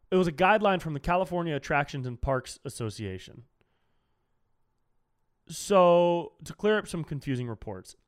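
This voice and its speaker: A man's voice: medium pitch, clean tone. A man hosting a solo podcast, ranting sarcastically and saying dude a lot. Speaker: podcast host.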